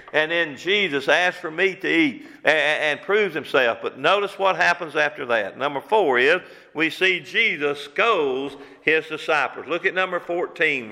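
A man preaching a sermon as pastor, repeating phrases, asking rhetorical questions and slowing down to stress key words. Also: a little high, pushed and bright, in a large hall. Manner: repetitive preaching, rhetorical questions, slows for emphasis.

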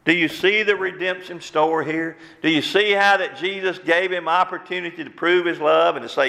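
Gravelly preacher in a reverberant church. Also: male voice, a little high, fairly even intonation, moderate pace, few pauses, pushed and bright. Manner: rhetorical questions, fervent preaching. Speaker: pastor. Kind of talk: sermon. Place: church sanctuary. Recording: long church hall reverb.

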